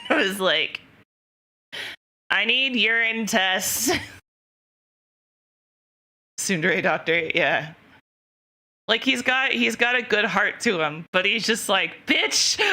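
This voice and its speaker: Bright-voiced giggly young woman storyteller. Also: mid-range voice. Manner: giggly, rambling, lots of self-quoting. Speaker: streamer. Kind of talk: casual storytelling to chat.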